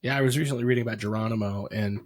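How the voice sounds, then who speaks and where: A man co-hosting a marketing podcast, chatting casually with quick asides and frequent restarts. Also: fairly low pitch, steady tone. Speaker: podcast co-host.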